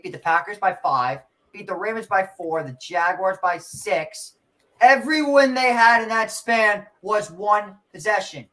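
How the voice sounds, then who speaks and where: A man's voice: high-pitched, sharp tone. A man hosting a casual sports podcast, ranting through sarcastic trash talk about a rival team. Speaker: podcast host.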